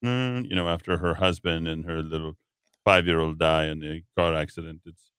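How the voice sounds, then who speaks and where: Talk radio host, male: punchy bright tone, dry studio mic, rambling headline rundown. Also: low voice, fairly even intonation, normal speed, clear, resonant tone, no room sound. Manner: rambling, reads headlines then riffs with filler words. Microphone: studio microphone.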